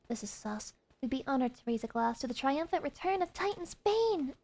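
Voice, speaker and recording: A woman's voice: high voice, lively intonation, moderate pace, gravelly. Playful, sarcastic young woman streamer. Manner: playful, sarcastic, breaks into hushed ASMR-style whispers. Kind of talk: casual gameplay commentary.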